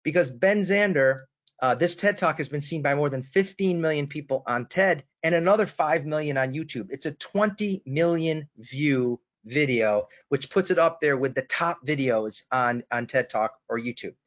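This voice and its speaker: A man's voice: on the high side, moderate pace. Storytelling man on a webinar. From Boston. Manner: storytelling, enthusiastic, addresses co-host by name. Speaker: webinar co-host. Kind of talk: webinar presentation. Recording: dull lo-fi webinar audio.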